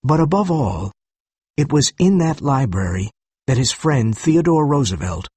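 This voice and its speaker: Husky male story narrator. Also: mid-range voice, sing-song, measured pace, darkish tone, no room sound. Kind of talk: scripted story narration for learners.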